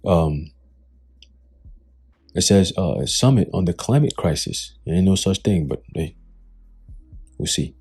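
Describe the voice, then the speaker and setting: A man's voice: low-pitched, expressive, unhurried, long pauses, darkish tone, breathy edge. A man giving scornful, preachy commentary on the news and reading scripture, swearing freely. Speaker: religious commentator.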